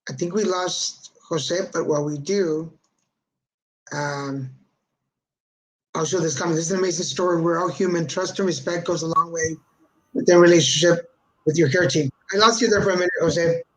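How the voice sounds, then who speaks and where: A man's voice: on the high side, fairly even intonation, normal speed, rough recording. A man hosting a live video chat, telling a funny story in a sarcastic, joking way and dropping in Spanish words. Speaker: host. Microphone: video call.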